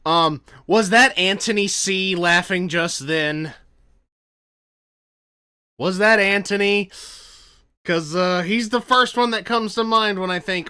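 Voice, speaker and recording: Tired male reaction host who rambles and restarts, with a bright, higher voice. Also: slow pace, long pauses, smooth. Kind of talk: casual reaction commentary.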